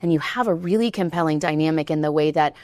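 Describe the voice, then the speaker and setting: A woman's voice: deep voice, fast, darkish tone, no room sound. A woman interviewer asking long, winding questions in a studio, often checking in with "right?".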